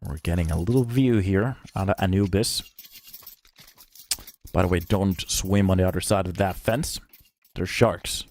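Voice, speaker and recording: A man giving solo play-by-play commentary on a live esports match. He chats with viewers between calls and breaks into loud, excited shouts on big plays. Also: low voice, a little slow, pauses often. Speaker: esports caster. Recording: streamed commentary with steady background noise.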